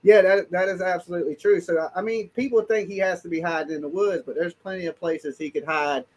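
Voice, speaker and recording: Male call-in host, high voice, blunt slangy storyteller who swears freely. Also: fast talker. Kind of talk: casual live call-in chat.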